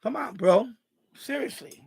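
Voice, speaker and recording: A man's voice: very high voice, expressive, unhurried, darkish tone, slightly rough. A man hosting a live stream, ranting angrily and profanely at a viewer in the chat. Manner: angry, profane, repetitive rant.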